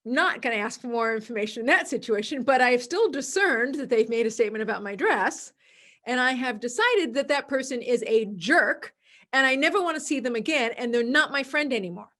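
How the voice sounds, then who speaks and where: A woman hosting a podcast, explaining an idea calmly and repeating her key words, sometimes acting out other people's voices. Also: on the high side, fairly quick. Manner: acts out quoted voices in a dramatic, excited tone. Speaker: podcast host. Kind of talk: solo podcast talk.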